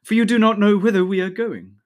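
A band of aloof, ageless elves, given voice by a man reading aloud, teasing in a slow, playful drawl. The delivery is unhurried and lightly mocking, a storybook chorus. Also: high-pitched, steady tone, pitched above the performer's own voice, close to an everyday voice.

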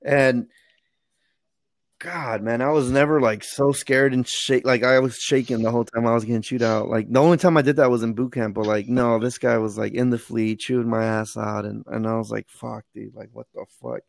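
A man's voice: mid-range voice, fairly even intonation, normal speed, gravelly, no echo, studio quality. A man, a former Marine, rambling through a profane war story in casual chat, full of fillers and restarts. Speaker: Marine veteran telling stories.

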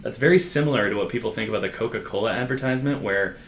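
A young man co-hosting a casual podcast, explaining ideas earnestly and quickly. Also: lowish voice, fairly bright tone, slight background noise. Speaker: podcast co-host and editor.

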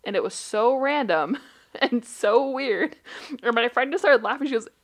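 A young woman co-hosting a podcast from home over a call, telling lively stories in casual chat and laughing often. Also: a little high, normal speed. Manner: animated storyteller, laughs often. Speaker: podcast co-host. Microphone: remote call headset.

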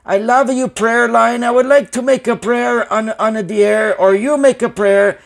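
A man's voice: extremely high pitch, steady tone, normal speed, creaky. A man voicing an anxious, rambling male business owner who speaks broken English and swears a lot.

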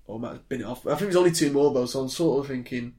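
A British man chats loosely about films as a podcast co-host. His voice sits at an ordinary middle pitch. He rambles, stumbles over his words and starts sentences over. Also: racing, dark tone. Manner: chatty, rambling, frequent restarts and ums. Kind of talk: casual film chat.

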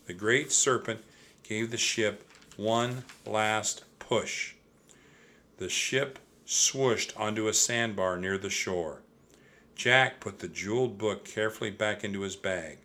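Bright, unhurried man reading a kids' story. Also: lowish voice. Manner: expressive, addresses kids directly. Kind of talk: reading a children's book aloud.

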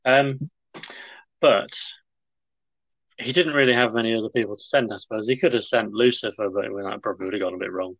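A man's voice: lowish voice, brisk, pauses often. A man co-hosting a podcast tells stories in a laid-back, joking manner. The sound is dull and lo-fi, and the room is dry with no echo. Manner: laid-back, jokey storytelling. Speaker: podcast co-host. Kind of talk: casual chat.

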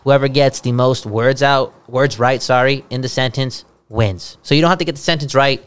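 A man's voice: medium pitch, normal speed, clear, resonant tone. A young man co-hosting a podcast, chatting casually with lots of swearing and jokes. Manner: swearing, joking, excitable. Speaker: podcast co-host.

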